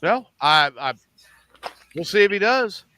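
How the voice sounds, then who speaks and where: A middle-aged man hosting a casual podcast, animated and profane, acting out lines as he recaps TV shows. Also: high-pitched, unhurried. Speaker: podcast host.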